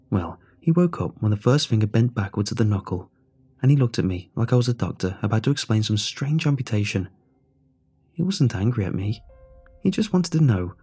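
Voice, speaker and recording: Man, low husky voice, mellow tone, horror narration. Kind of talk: scripted horror story narration.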